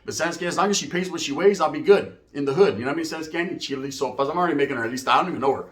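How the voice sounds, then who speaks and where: High-pitched streetwise storyteller man. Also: rapid-fire, fairly bright tone. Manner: streetwise slang, acts out dialogue, frequent "you know what I mean". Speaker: storyteller recounting prison life. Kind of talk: casual storytelling.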